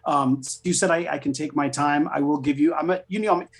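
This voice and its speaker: Chatty middle-aged actor telling stories. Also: male voice, fairly high pitch, brisk, a crowd in the background. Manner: chatty, animated, swears freely. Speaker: guest voice actor. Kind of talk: casual storytelling interview.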